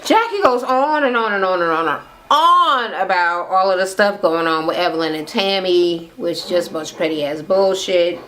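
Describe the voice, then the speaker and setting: A woman's voice: fairly low pitch, normal speed, hardly any pauses, a bit bright, slight background noise. A sassy, blunt woman chats straight to her camera, tossing out slangy, profane comments in a casual recap. She talks indoors under a ring light, close to the camera mic. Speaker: reality TV recap vlogger. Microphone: camera mic at close framing.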